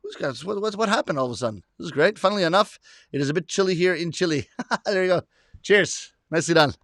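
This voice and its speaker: Reading his chat out loud, this middle-aged Canadian livestream host keeps things chatty and laughs at his own expense. He speaks quickly in a high, animated voice with a fairly bright tone.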